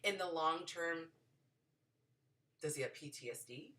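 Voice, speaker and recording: Brief: low-voiced woman host, bright and lively delivery, a little off-mic. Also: unhurried, distant mic. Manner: animated, acts out the people in her stories. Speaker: podcast host giving dating advice. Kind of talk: casual storytelling advice.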